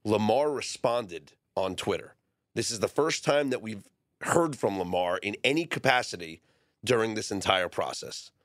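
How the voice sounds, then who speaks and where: A man's voice: on the low side, lively intonation, moderate pace, a bit bright, dry recording, clean studio sound. A man hosting a sports talk show, steadily explaining news items and reading out posts to his guest. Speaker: sports radio host.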